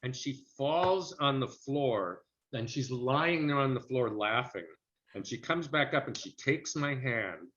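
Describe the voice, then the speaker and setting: A middle-aged man, an actor being interviewed, telling lively anecdotes in casual conversation and acting out the people he quotes. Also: medium pitch, measured pace. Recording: dull lo-fi recording.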